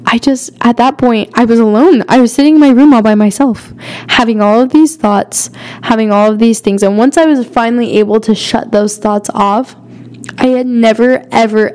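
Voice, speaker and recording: A woman's voice: a little high, a little slow, a little mellow. Earnest young woman telling a personal story. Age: young adult. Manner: chatty, many fillers and "like". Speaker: podcast host. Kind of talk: personal faith story told casually.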